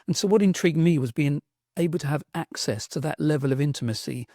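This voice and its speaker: A middle-aged man with a South London accent talks in a mellow, warm voice. He tells his stories with enthusiasm, thinks aloud and restarts his sentences as he goes. The sound is close and dry. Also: a little high, fast talker, no room sound. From England. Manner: enthusiastic, reflective storyteller with restarts. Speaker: guest, sound artist. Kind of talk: conversational podcast interview.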